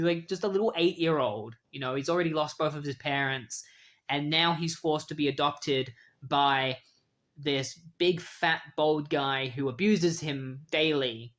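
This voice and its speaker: A man hosting a casual comic book retrospective, an animated storyteller who acts out characters' lines. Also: a little high, moderate pace. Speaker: host.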